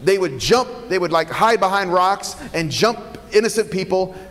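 A pastor preaching a sermon in a church, earnest and emphatic with dramatic pauses. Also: male voice, high voice, expressive, a bit bright, long reverb tail. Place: church sanctuary.

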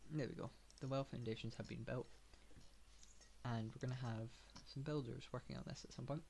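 A man's voice: medium pitch, fairly even intonation, brisk, vocal fry, a little mellow, a little hiss or hum. A man giving casual gameplay commentary, thinking aloud with lots of fillers and dry, sarcastic asides. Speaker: gamer.

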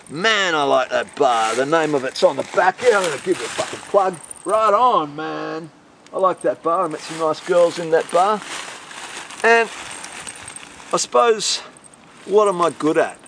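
A man's voice: on the high side, gravelly, a bit bright, a little hiss or hum. Brash profane man. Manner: boisterous, swaggering and profane. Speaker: interviewee. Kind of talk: rambling casual interview talk.

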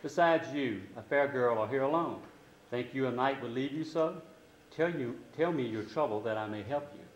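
A man's voice: mid-range voice, normal speed, roomy sound, slight background noise, close to an everyday voice, rough recording. A man voicing a brave, noble young knight in a storybook, declaiming sternly in a raised voice.

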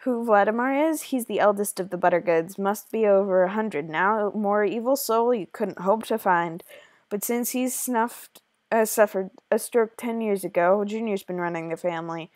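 A woman voicing a kind, secretive beekeeper woman in a game, speaking in a gentle, confiding way. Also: mid-range voice, moderate pace, no echo, studio quality, lightly acted.

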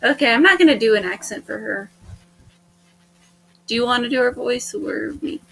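A woman hosting a casual let's-play, bubbly and jokey, with sudden leaps up into excited squeals. Her voice sits a bit high. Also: moderate pace, vocal fry, slightly rough. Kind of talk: casual gaming chat.

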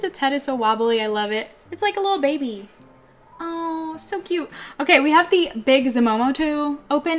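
A woman vlogger chatting excitedly to her viewers as she unboxes collectible toys, gushing and struggling with the packaging. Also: on the high side. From California, USA. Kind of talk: casual unboxing vlog.

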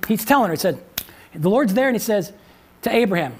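A man's voice: high voice, expressive, a little fast, pauses often, husky. A man preaching a sermon as pastor in a conversational way, repeating phrases and often asking the congregation questions. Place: church.

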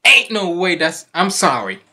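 A man's voice: high-pitched, sing-song, moderate pace, bright, forceful tone, slightly rough. A young man hosting a reaction video, bantering in a laid-back, joking way and often apologizing. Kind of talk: casual reaction commentary.

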